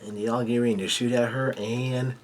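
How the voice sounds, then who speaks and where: Casually going over a manga chapter, this medium-pitched man delivers things flatly, with faint hiss or hum behind him. His speech is full of fillers, pauses, and restarts, and a surprise can draw a blunt swear from him.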